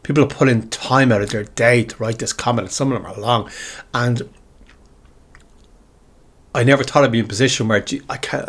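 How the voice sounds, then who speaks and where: A man's voice: medium pitch, fairly even intonation, brisk, long pauses, fairly bright tone. A man speaking a reflective spiritual monologue to his viewers, musing through repeated questions and speaking with heartfelt gratitude. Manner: heartfelt, grateful. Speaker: spiritual video creator.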